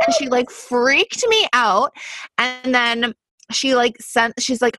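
Chatty young woman with a bright voice. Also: a little high, expressive, takes it slowly, no room sound. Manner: chatty storytelling, peppered with "like". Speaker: podcast co-host. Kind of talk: casual chat.

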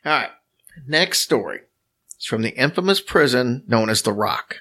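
A man co-hosts a casual podcast and works through a story from his notes, dropping wry jokes along the way. His voice sits at an ordinary pitch but has a gravelly rasp. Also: animated, moderate pace, sharp tone. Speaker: podcast co-host.

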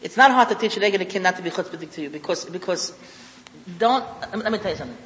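A man delivers a religious lecture in a high, bright voice, driving points home by repeating them. He sprinkles Hebrew and Yiddish terms through his English. The sound carries a long hall reverb over faint background noise. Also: lively intonation, rapid-fire. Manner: emphatic, repeats key phrases, mixes in Hebrew and Yiddish terms. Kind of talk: lecture to an audience.

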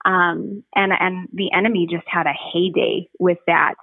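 A woman shares her personal testimony as a guest on a podcast, speaking earnestly and reflectively, pausing often to find her words. Her voice sits fairly low for a woman. It comes over a thin, phone-like line with a dry, close sound. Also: little pitch movement, creaky, husky, no echo.

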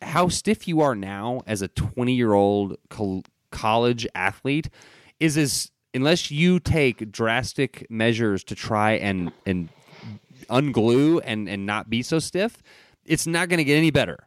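A man's voice: medium pitch, expressive, no echo. A man hosting a casual podcast, given to jokes and rambling asides. His voice sits in an ordinary middle register and is recorded close and dry, with no room sound. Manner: joking, rambling, quick asides. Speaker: podcast host.

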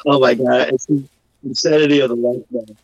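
A man's voice: mid-range voice, steady tone, a little fast, no room sound. Rambling male guest on a dull call line. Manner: rambling, opinionated. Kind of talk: casual interview over an internet call. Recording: dull, dry internet call audio.

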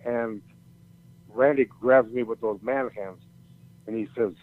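An older man spins a loose, meandering story in casual conversation, his speech full of cursing and false starts. His voice sits at an ordinary pitch. The sound is thin and tinny, like a phone line. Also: steady tone, a little slow. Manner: rambling, profane, many restarts. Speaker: storyteller guest.

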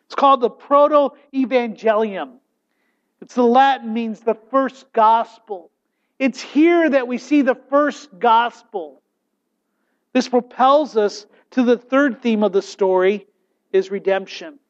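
A high-voiced man preaches a sermon, lively and animated, often breaking off and restarting his sentences. The recording is dull and lo-fi, as if captured in a church. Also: slow. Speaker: pastor. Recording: dull, lo-fi sound.

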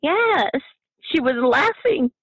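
A middle-aged bereaved mother, a guest in an emotional interview, speaking passionately and haltingly, repeating herself, at times near tears. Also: high-pitched, very animated, a bit bright, no echo, rough recording.

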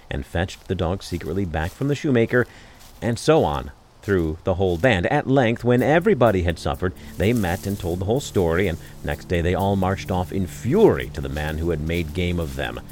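A man narrating a fairy tale in an expressive storytelling style, with wry asides. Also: low-pitched, a little fast.

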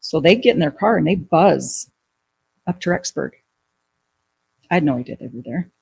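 A woman telling a personal story as an interview guest, acting out what people said in lively quoted dialogue. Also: low-pitched, normal speed, gravelly, a little hiss or hum.

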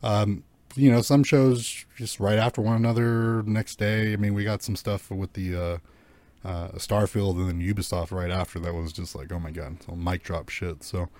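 A young man runs a casual podcast chat, rambling through news with filler words and easy swearing. His voice sits low and the sound is dry and close, with no room around it. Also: flat delivery, moderate pace, darkish tone, dry recording. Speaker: podcast host.

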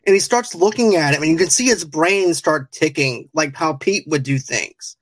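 A man co-hosting a casual film-discussion podcast, laying out his points in a measured way. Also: a little high, a bit bright, dry recording.

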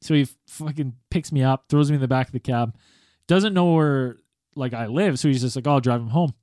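A man's voice: medium pitch, moderate pace, a little mellow, dry recording, studio quality. Rambling, profane man telling stories. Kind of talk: casual chat.

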